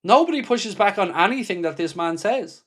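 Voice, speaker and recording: A man's voice: high-pitched, lively intonation, moderate pace, fairly bright tone. Impassioned man hosting a fan livestream. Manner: impassioned, blunt, swears freely; reads viewer comments aloud and answers them. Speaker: football fan channel host. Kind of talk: livestream reaction chat.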